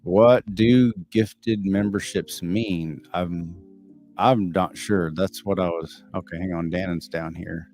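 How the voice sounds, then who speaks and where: A man's voice: sits low, steady tone, slow, darkish tone, faint music behind. A middle-aged man with a Texan accent, hosting a casual live stream and answering viewers' chat in a candid, blunt and profane way. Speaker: livestream host reading chat.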